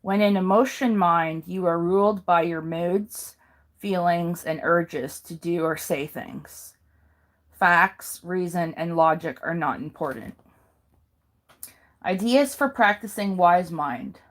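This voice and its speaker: Woman, low voice, very slow pace, reading handouts aloud, careful, halting, self-correcting. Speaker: video maker.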